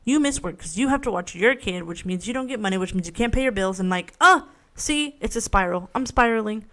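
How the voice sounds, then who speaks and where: Woman podcast host, casual solo rant, frank, rambling, curses a lot, mid-pitched voice. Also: expressive, a little fast, bright, forceful tone. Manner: frank, rambling, swears freely, self-mocking.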